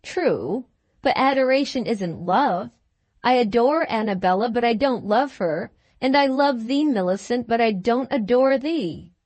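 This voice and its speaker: A woman's voice: on the high side, lively intonation, unhurried, a little mellow, no echo. A woman voicing a bluff, hearty young husband in a storybook, jovial and teasing. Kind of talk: storybook dialogue.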